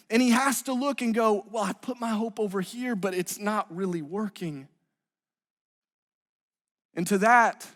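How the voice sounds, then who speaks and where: High-voiced man preaching in a reverberant hall. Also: fairly bright tone. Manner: earnest, rising intensity when retelling scripture. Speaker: student ministry pastor. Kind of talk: sermon. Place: church auditorium.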